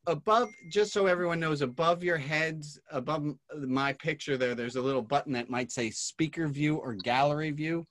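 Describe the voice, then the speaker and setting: A man's voice: a little high, moderate pace, hardly any pauses, fairly bright tone. A man hosting an online class, calling on each guest by name in a friendly, casual way over a video call. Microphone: computer mic on a video call.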